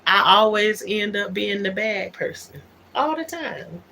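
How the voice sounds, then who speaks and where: A woman's voice: medium pitch, lively intonation, unhurried, vocal fry, bright, forceful tone, a little hiss or hum. Aggrieved woman on a livestream. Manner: aggrieved, emphatic, repeats key words. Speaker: livestream host. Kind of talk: unscripted livestream monologue.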